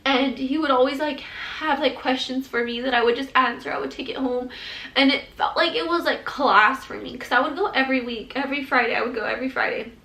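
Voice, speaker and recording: A woman with a high voice tells her personal story in a rambling, open and emotional way, leaning on "like" as she goes. The recording has a roomy echo around her. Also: a little fast, vocal fry, sharp tone. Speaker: mother sharing her postpartum depression story. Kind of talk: candid personal storytelling vlog.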